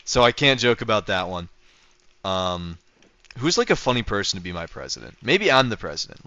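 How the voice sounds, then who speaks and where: A male streamer rambles easily through casual livestream chat, circling back with fillers and restarts. His voice is bright and forceful, with a smooth, crisp clarity. The sound is dry and close, but slightly dull and lo-fi. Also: mid-range voice, sing-song, a little fast, no room sound. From North America. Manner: rambling, full of fillers and restarts, chuckling often.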